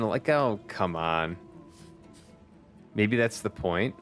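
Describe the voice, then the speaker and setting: Taking it slowly, a man with a lowish, animated voice chats with viewers while streaming a video game. He laughs often and swears now and then in this casual gaming talk, with faint music in the background.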